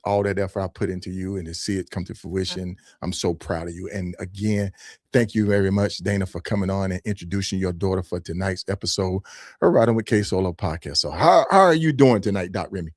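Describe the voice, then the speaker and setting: A man's voice: deep voice, a little mellow, dry recording, studio quality. A man hosting a podcast, talking in an upbeat, casual way and calling out viewers by name. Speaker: podcast host.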